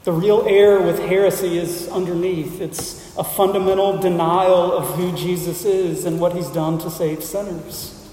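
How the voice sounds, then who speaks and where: A high-voiced male pastor preaching slowly in an echoey sanctuary. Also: fairly even intonation, dark tone, slight background noise. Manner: measured preaching with deliberate pauses and emphatic lists. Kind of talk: sermon. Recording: roomy hall reverb, mic at a distance.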